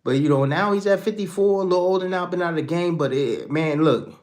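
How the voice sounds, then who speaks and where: A man hosting a boxing show, chatting casually with his viewers and reading out their comments in a slangy, animated way, exclaiming and swearing freely. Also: sits high, quick pace.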